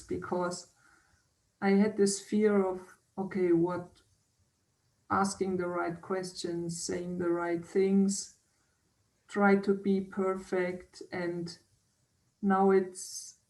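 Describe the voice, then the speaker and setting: A woman interviewer who speaks gently and hesitantly, with many false starts. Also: medium pitch. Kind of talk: casual interview conversation. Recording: roomy, distant from the mic.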